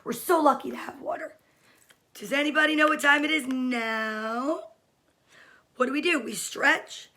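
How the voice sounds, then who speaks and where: Her voice is high and sharp, a little slow, with long pauses, as she runs a cheerful daily livestream for kids from home during quarantine. She keeps it casual, welcoming viewers by name.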